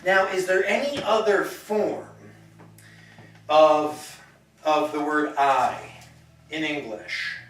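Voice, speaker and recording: A man's voice: on the high side, slow, pauses often, a bit bright. A man teaching a language class in a lecture style, chatty and explaining with acted-out example sentences. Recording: echoey classroom, mic far off.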